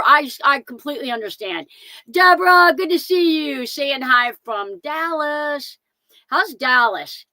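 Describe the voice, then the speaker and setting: A woman's voice: high voice, sharp tone, no room sound. A middle-aged woman hosting a live stream, chatting casually and greeting viewers one by one by name, often saying things twice. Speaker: van life channel host.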